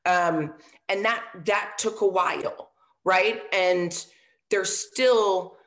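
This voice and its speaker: Drawing out her words in a mid-range voice, a woman who used to coach football shares a story as an interview guest. She keeps it casual and earnest, dropping frequent "um"s and "right?" tag questions and performing quoted dialogue in animated voices.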